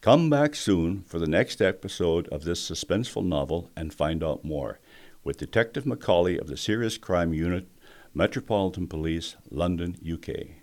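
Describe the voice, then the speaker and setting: A man's voice: low voice, animated, moderate pace, a little mellow. A man reading the closing announcements of a serialized novel podcast in a plain, friendly way. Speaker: podcast host. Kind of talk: scripted outro announcement.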